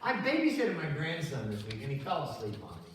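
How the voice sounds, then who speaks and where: This older man's medium-pitched voice runs a little fast as he preaches conversationally in the church sanctuary, bringing his stories to life with acted-out voices. It's recorded from afar in a very echoey space with slight background noise.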